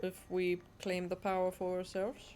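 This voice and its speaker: A woman's voice: lowish voice, monotone, normal speed, mellow, faint music behind. A young adult woman streaming a video game, chatting casually, exclaiming and reading her dialogue choices aloud. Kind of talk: casual gaming chat.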